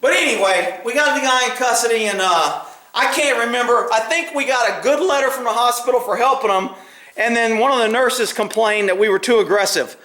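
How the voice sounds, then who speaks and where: A middle-aged man, a former police officer, casually telling a story, animated, laughing often and acting out loud quotes. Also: extremely high pitch, fairly quick, heavy reverb, low-quality recording.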